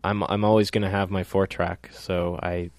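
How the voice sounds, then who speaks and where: Deep-voiced man, relaxed musician guest. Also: noisy background. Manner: relaxed, halting, self-correcting. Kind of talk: casual interview.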